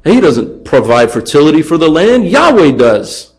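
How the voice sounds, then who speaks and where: A man preaching a sermon, animated, acting out taunts in a raised voice and dropping quiet for emphasis. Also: fairly high pitch, moderate pace, husky, poor audio. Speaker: pastor.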